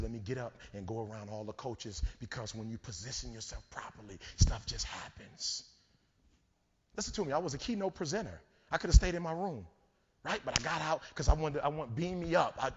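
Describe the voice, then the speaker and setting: A man giving a motivational keynote, telling stories and building to shouts. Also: mid-range voice, breathy edge. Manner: preachy, storytelling, rising to shouts. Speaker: keynote speaker. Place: large conference hall. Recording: dull hall recording with long reverb.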